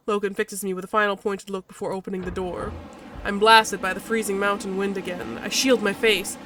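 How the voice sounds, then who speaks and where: A woman's voice: medium pitch, fairly even intonation, fairly quick, fairly bright tone, no room sound. Woman reading a game aloud, dry sound. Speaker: let's-play host. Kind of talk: game playthrough with read narration.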